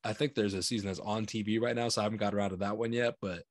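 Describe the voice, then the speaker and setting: A man's voice: lowish voice, steady tone, racing, no echo, clean studio sound. A man with an American accent co-hosting a podcast, talking in a loose, rambling way, laughing often and acting out his own reactions. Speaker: podcast co-host. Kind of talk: casual chat.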